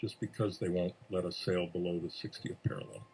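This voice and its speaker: A man voicing a skeptical listener who questions and prods the storyteller, speaking softly and a little off-mic. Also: deep voice, sing-song, brisk, vocal fry, slight background noise, full character voice. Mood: doubtful.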